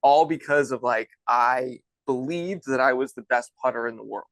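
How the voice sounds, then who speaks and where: A man's voice: medium pitch, moderate pace, a bit bright, no room sound, rough recording. Man, thirties, chatty storyteller, lots of restarts, dry close mic. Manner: chatty, loose, many restarts and "like". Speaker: guest, golf instructor and former pro golfer. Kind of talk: casual storytelling.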